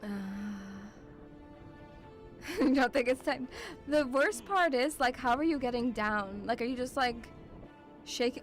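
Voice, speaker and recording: Female streamer, high-pitched, foul-mouthed and easily spooked, calls chat "sweetie", light music bed. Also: lively intonation, a little slow. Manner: swears a lot, shrieks and laughs in fright. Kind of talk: casual reaction commentary.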